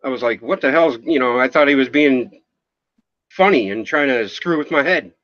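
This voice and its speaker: A man's voice: mid-range voice, lively intonation, moderate pace, fairly bright tone, dry recording, dull audio. A man hosting a livestream, talking emotionally and apologetically, rambling and swearing often. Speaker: livestream host. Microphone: phone.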